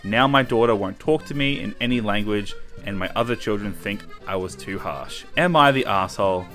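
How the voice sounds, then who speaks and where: A man voicing a stern French father in an exaggerated, deliberately bad French accent, reading a story aloud. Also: lowish voice, fairly bright tone, faint music behind, lightly acted. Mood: indignant. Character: over-the-top French dad, bad accent.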